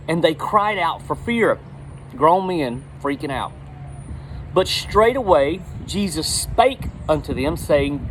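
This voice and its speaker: A middle-aged man giving a casual, folksy sermon, animated, with repeated words. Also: fairly high pitch, takes it slowly, a little hiss or hum, poor audio. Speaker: lay preacher.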